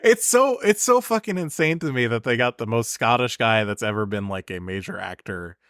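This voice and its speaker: A man in casual podcast chat who laughs a lot and rambles along with plenty of swearing. His pitch moves widely, and his voice sounds dry and close to the mic. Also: lively intonation, fairly quick, a bit bright, dry recording. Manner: laughs often, rambling and profane. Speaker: podcast co-host.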